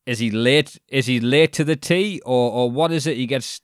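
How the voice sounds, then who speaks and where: Male co-host, casual and jokey, dry close recording, mid pitch. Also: normal speed, clear, resonant tone, no room sound. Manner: joking, swears casually, acts out quotes. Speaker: podcast co-host. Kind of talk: casual chat.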